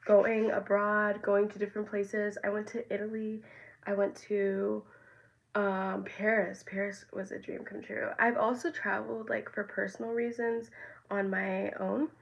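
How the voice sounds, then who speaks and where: A woman's voice: medium pitch, level tone, a little slow, vocal fry, muffled recording. A woman in her twenties from the United States, talking casually to her viewers with lots of fillers and tangents. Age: 20s. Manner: rambling, filler-heavy, tangents and restarts. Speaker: vlogger. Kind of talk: casual talking-head vlog.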